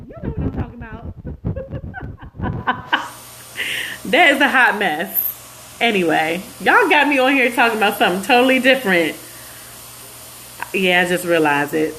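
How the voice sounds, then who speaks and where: A woman's voice: on the high side, big pitch swings, unhurried, pauses often, pushed and bright, slight background noise, poor audio. A woman hosting a casual phone livestream, chatting and laughing with viewers, often drifting off topic. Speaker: livestream host. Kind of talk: casual livestream chat reading viewer comments.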